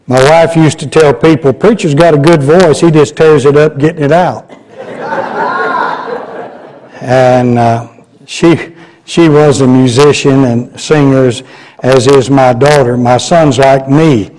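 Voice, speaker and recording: A man's voice: mid-range voice, fairly even intonation, a little mellow, low-quality recording. An older man preaching a sermon as a guest preacher in a church, telling folksy stories and chuckling. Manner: slow folksy storytelling, chuckling. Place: church sanctuary.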